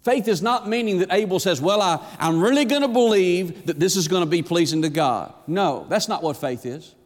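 A man's voice: high voice, lively intonation, moderate pace, big-room sound. A man preaching a sermon, emphatic and quoting scripture, asking the listeners rhetorical questions.

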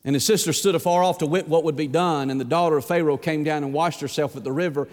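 A pastor preaches a sermon with passion, repeating words as he builds before dropping to a hushed plea. His voice is a little high and steady in tone, he speaks quickly, and the sound suggests a big room.

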